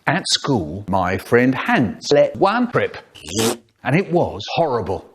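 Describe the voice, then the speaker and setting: A man telling comic stories in an animated way, acting out voices and sound effects. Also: mid-range voice, slow, slightly rough. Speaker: storyteller. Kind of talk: comic storytelling, spliced remix.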